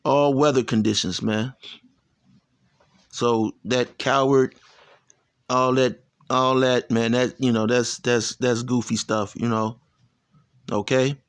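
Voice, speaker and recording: Gravelly man telling a rambling story. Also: mid-range voice, fairly even intonation, takes it slowly, pauses often. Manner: rambling, many fillers, profane, laughs while telling. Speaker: channel host. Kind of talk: casual storytelling monologue.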